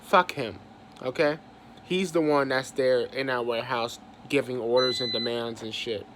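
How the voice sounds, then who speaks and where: A man's voice: mid-range voice, fairly even intonation, moderate pace, noisy background. A young man, venting about his job in a heated, profane rant and repeating himself as he talks. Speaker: vlogger venting about work. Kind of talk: angry casual rant.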